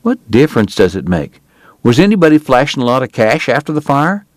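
A man voicing a stubborn, plainspoken grown man who talks bluntly and deliberately. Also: medium pitch, big pitch swings, no room sound, voice pushed up, close to an everyday voice. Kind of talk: audiobook character voice.

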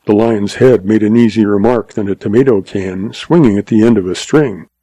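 A man narrating a story in a measured, expressive reading. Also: fairly low pitch, breathy edge, no echo, low-quality recording.

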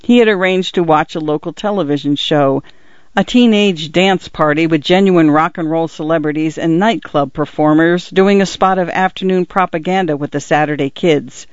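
A man reading literary fiction aloud as an audiobook narrator, measured and expressive. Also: fairly high pitch, dry recording, lo-fi sound.

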